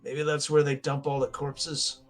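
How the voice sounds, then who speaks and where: A man's voice: a little high, monotone, unhurried, over music. A man playing a tabletop game, thinking out plans in a casual, practical way with some restarts. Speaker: player.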